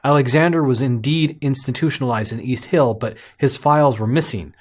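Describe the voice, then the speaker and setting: A man's voice: mid-range voice, a little fast, voice pushed down, lightly acted. A man voicing a shaken male investigator in a game, reading the dialogue aloud in his own plain voice. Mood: urgent.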